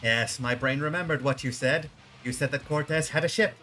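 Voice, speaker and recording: A man's voice: medium pitch, moderate pace, sharp tone, lightly acted. Man putting on a pompous cowardly leader. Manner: theatrical, self-important, dramatic. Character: pompous cowardly male leader, grandiose and vain.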